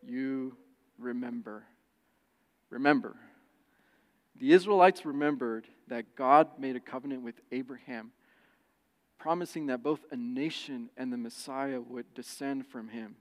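A man preaching a sermon who tells personal stories in an animated way and acts out the quoted voices. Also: medium pitch, normal speed. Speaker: pastor. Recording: long church reverb.

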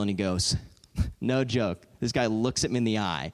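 A man in his twenties giving an animated, joking storytelling talk to an audience in a large auditorium. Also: medium pitch. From Southern California. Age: 20s. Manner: animated, joking, quick asides. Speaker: guest speaker.

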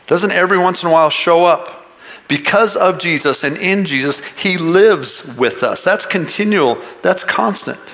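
A man preaching a sermon as pastor, animated and rising to shouts to stress a point. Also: high voice, normal speed. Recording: long reverb of a large hall.

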